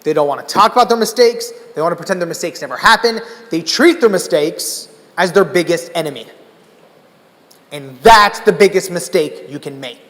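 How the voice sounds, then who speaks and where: A man voicing a wise elderly male mentor who talks in a soft, unhurried, reassuring way. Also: fairly high pitch, animated. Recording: echoey hall.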